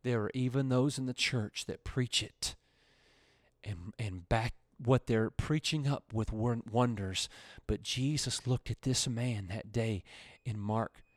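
A male pastor preaching a radio sermon, his voice swelling loud and high, then dropping low and quiet. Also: slow, no room sound, studio quality.

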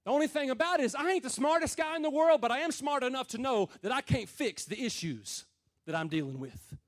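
A man preaching to a room of men in a notably high voice. He talks plain and folksy, swinging from loud, emphatic calls down to quiet, low murmurs. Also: expressive, fairly quick. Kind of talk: sermon to a men's gathering.

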